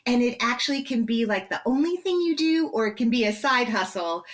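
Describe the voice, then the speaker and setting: A woman guest on a podcast, talking in a playful, quick-witted way. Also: a little high, animated. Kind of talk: casual podcast conversation.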